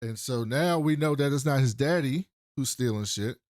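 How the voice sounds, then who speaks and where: A man's voice: medium pitch, moderate pace, dry recording, clean studio sound. A man co-hosting a podcast, casually recapping a TV episode and acting out the characters' lines. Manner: animated retelling, acting out characters' lines with swearing. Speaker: podcast co-host.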